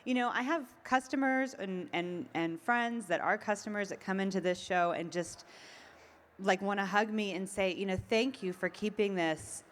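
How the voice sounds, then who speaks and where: A woman's voice: mid-range voice, moderate pace. A woman being interviewed, telling stories in a chatty way with frequent ums and laughs. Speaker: event organizer. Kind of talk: casual interview.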